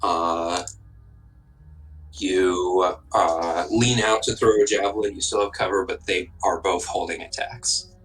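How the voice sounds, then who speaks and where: A man as dungeon master running a tabletop game, relaxed, often restarting his sentences. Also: low-pitched, slow, low-quality recording.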